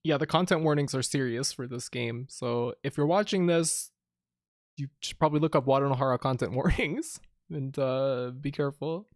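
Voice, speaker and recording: A woman's voice: a bass voice, moderate pace, no echo, studio quality. A woman streamer giving casual gameplay commentary and reading game dialogue aloud, laughing often between lines. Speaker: let's play streamer.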